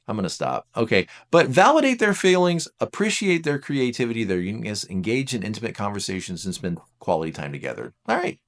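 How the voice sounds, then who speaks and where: Animated man explaining relationships. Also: fast, hardly any pauses. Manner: animated, acts out quoted speech with big pitch jumps; self-deprecating asides. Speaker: teacher. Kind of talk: casual explanatory talk.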